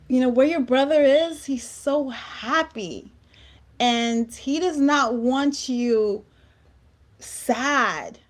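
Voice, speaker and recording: A woman hosting a heartfelt talk show conversation, speaking earnestly and emphatically and often repeating words. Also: high-pitched. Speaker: host.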